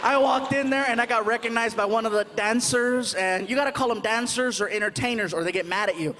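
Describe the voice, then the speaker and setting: A high-voiced male comedian telling a long story on stage, animated and playful. Audience noise and crowd murmur sit clearly under his voice in the club. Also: a little fast. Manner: animated, jokey, slips into character voices. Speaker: stand-up comedian. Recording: live club show with loud audience noise.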